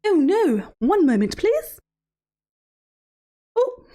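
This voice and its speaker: A woman streaming live in character as a teasing female villain therapist, talking in a mock-sweet, menacing, drawn-out way to her chat. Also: very high-pitched, sing-song, warm tone, heavily acted. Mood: playful teasing. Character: creepy, teasing female villain therapist hosting cruel trials.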